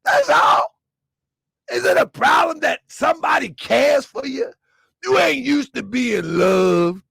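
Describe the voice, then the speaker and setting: A man hosting his own channel, ranting loudly and laughing through animated commentary. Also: extremely high pitch, a little slow, vocal fry, slightly rough, dry recording. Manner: loud, laughing, animated rants. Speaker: channel host.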